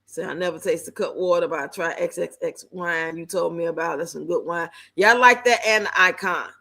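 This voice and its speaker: A woman's voice: fairly low pitch, fairly quick, gravelly, sharp tone. A woman livestreaming, reacting bluntly to a clip and chatting with viewers in casual slang. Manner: blunt, salty, laughing commentary with slang. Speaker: livestreamer reacting to videos and reading chat. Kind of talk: casual live stream chat.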